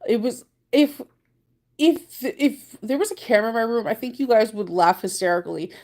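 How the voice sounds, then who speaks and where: A woman's voice: fairly high pitch, normal speed, darkish tone. A woman chats through a casual daily vlog from her car, rambling from one thing to the next. She laughs often and acts out little moments from her day as she talks. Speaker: vlogger. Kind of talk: casual chat.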